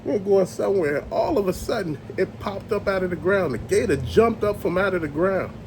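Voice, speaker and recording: A man tells a creepy story in loose, profane everyday talk and puts on little voices and sounds as he goes. His voice sits high for a man and leaps all over the place. A faint background hiss stays under his voice. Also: lively intonation, a little fast, a little mellow. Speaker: storyteller host. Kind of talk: casual spoken storytelling.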